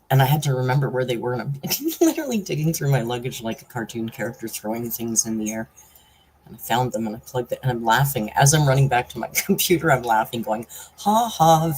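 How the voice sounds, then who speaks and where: A woman's voice: extremely low pitch, a little mellow, slight background noise, poor audio. A woman hosting a casual live stream from home. She chats freely, laughs often and coos at her pet. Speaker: livestream host.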